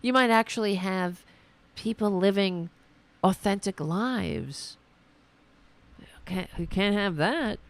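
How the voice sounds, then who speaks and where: A woman hosting a political podcast, delivering an indignant, profane rant full of restarts, her voice going hoarse. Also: lowish voice. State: losing her voice. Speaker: podcast host.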